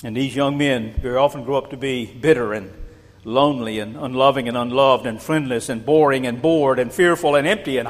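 Older man, pastor, sermon, animated, repeats himself, church hall echo. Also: medium pitch. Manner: animated, repeats words and rhetorical questions. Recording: long reverb in a large hall.

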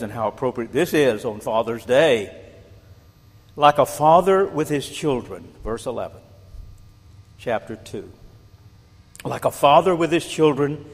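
Older male pastor preaching in a hall. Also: medium pitch. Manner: animated, repeats words and rhetorical questions. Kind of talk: sermon. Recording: long reverb in a large hall.

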